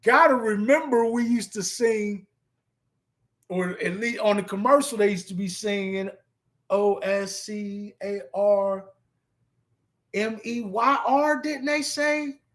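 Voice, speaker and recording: A man's voice: high voice, slow, a bit bright. A man hosting a live stream in a casual, laid-back way, chuckling often and spelling words out letter by letter as he chats with viewers.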